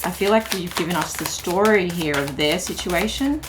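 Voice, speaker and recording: A woman's voice: fairly low pitch, normal speed, hardly any pauses, very noisy. A young woman giving a casual tarot reading, chatty and full of fillers, laughing often as she talks. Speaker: tarot reader.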